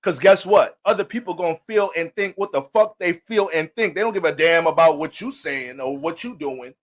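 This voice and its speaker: A man's voice: fairly high pitch, fairly quick. A man talking as an astrologer in a casual, profane and joking monologue.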